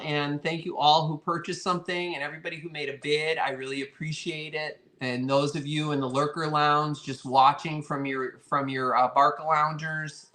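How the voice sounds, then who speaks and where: During a live online vintage sale, a friendly, talkative man keeps up casual live-stream chat and repeatedly thanks his audience. His voice is a bit bright and sits a little higher than most men's.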